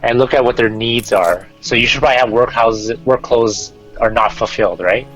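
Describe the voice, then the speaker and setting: Man of middling pitch, instructive and teasing, guiding a friend through a game over faint music. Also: a little fast, fairly bright tone, low-quality recording. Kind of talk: casual gaming chat.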